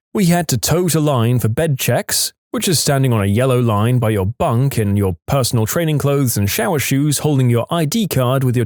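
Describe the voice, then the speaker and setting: A man narrating reader-submitted stories in a lively scripted storytelling manner. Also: medium pitch, dry recording, clean studio sound.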